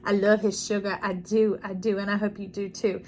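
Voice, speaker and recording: A woman doing an intuitive tarot reading, chatting to the listener directly and drifting into lively stories. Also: medium pitch, brisk, slight background noise. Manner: chatty, warm-hearted, digressive storytelling with animated quoted voices; addresses listener directly as y'all and love. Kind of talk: casual spiritual tarot reading.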